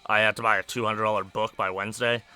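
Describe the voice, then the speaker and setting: Monotone young man rambling. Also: fairly low pitch, fast, clean tone. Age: young adult. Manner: monotone, rambling with many fillers. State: stressed. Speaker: podcast host. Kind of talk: casual personal rambling over a wrestling match.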